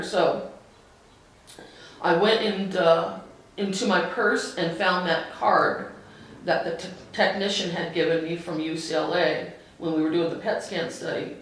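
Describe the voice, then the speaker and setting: A woman telling her family's story to the camera in a halting, earnest way, with many pauses and restarts. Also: lowish voice, steady tone. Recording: very echoey room, voice from a distance.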